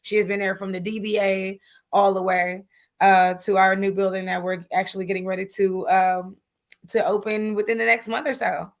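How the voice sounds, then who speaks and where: A woman guest in an interview, telling her business story in a lively, chatty way, calling people "honey" and using many fillers. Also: mid-range voice, normal speed. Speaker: guest entrepreneur. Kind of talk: animated interview talk.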